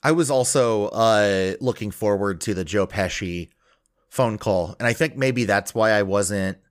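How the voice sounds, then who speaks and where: A man's voice: lowish voice, a little slow. A man co-hosting a podcast, talking in a laid-back, crude, rambling way. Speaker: podcast co-host. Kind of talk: casual chat.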